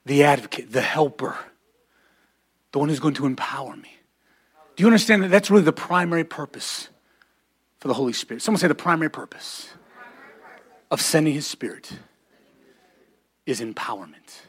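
A man preaching a sermon as pastor, building to shouted lines and calling on the congregation to repeat after him. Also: fairly high pitch, expressive, moderate pace, long pauses, slightly rough. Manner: preaching, often rising to shouts, calls for congregation responses.

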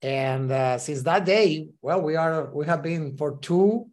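A man with as his tells his story as a podcast guest. He leans on lots of "uh" fillers and acts out the voices of the people he quotes. His voice sits a little higher than most men's. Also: takes it slowly, a little mellow. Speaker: ministry leader, guest. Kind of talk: casual interview storytelling.

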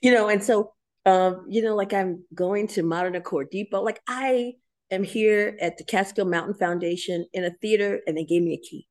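A middle-aged woman in a podcast interview, telling stories with animated emotion and frequent laughter. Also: mid-range voice, moderate pace. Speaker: guest choreographer and dancer.

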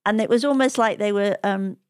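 A chatty woman tells her stories as an interview guest, laughing often and slipping into the voices of the people she met. Her voice sits at an ordinary pitch. It is recorded dry and close, with no room echo. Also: brisk, clean tone. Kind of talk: conversational storytelling.

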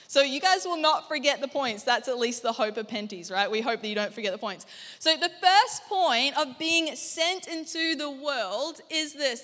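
A woman's voice: sits high, bright, forceful tone, big-room sound. A young Australian woman giving a conversational sermon in a church, joking and quizzing the congregation. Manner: chatty, jokey, quizzes the congregation. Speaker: guest preacher. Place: church auditorium.

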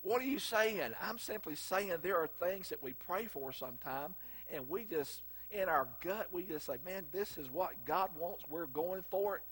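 Husky Southern preacher, folksy and emphatic. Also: male voice, sits high, normal speed, fairly bright tone. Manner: folksy storytelling with rising emphatic bursts. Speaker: pastor. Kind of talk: sermon.

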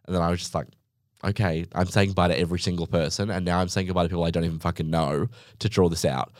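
A man's voice: sits low, steady tone, fast, no room sound, clean studio sound. A young man hosting a podcast, telling a rambling, sarcastic story full of "like" and asides. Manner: sarcastic, rambling, heavy use of "like". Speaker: podcast host. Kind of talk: casual storytelling monologue.

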